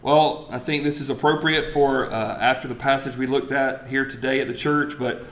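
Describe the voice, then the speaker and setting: A man preaching a sermon, telling stories with lively energy and dropping to quiet emphasis. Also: mid-range voice, moderate pace, echoey room. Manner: animated storytelling, swings from loud excitement to quiet emphasis. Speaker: pastor. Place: church sanctuary.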